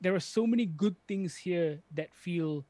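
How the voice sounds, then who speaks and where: A man's voice: sits high, dark tone, no echo. A man co-hosting a film podcast, speaking in an earnest, thoughtful way. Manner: earnest, thoughtful, builds points slowly. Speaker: podcast co-host. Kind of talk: casual film discussion.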